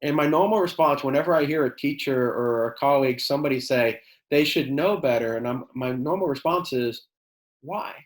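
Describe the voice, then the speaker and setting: A man who teaches high school chemistry, leading a workshop for teachers in a conversational way with many fillers. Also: a little fast, hardly any pauses, echoey room, rough recording. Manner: conversational, many fillers, acts out quoted exchanges; self-described sarcastic.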